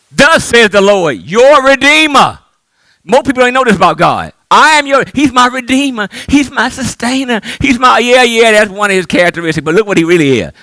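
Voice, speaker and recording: A middle-aged man from the pulpit in a strikingly high, lively voice that leaps up and down. The sound is bright and dry, close and without room echo. He calls out to the congregation and swings between near-shouts and hushed asides. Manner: call-and-response preaching, swinging from loud to hushed. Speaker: pastor. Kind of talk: sermon.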